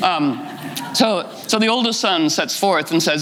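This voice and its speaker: A man's voice: fairly high pitch, animated, brisk, fairly bright tone, poor audio. A middle-aged man retelling a fairy tale informally, rambling with asides and many "you know" fillers. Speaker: storyteller.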